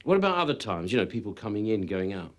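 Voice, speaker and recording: An actor playing a patient male detective who questions a witness hesitantly and softly in a TV police drama. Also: on the low side, sing-song, fast. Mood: cautious. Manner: hesitant, soft-spoken questioning.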